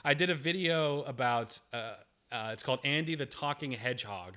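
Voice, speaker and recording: A man's voice: medium pitch, normal speed, pushed and bright, smooth. A man hosting a casual livestream, reading viewer chats aloud in a chatty, joking, self-deprecating way. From United States.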